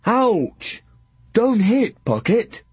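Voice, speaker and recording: A man voicing a huge, simple-minded and gentle male giant who talks in a childlike, excited way. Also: high-pitched, drawn-out words, breathy edge, no room sound, pitched above the performer's own voice, heavily acted. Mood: hurt.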